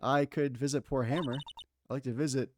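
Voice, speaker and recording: A man's voice: medium pitch, fairly even intonation, fairly quick, background noise, natural voice. A man reading the lines of a cranky, violent old woman guard in a video game, huffing and puffing between words. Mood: grumbling. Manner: huffs and puffs between words, scolds. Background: video game music.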